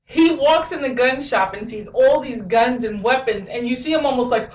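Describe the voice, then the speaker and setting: A woman's voice: a little high, normal speed, hardly any pauses. Chatty woman, roomy distant sound. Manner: chatty retelling with many "you know" fillers. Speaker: movie reviewer. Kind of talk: casual video review. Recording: roomy echo, mic at a distance.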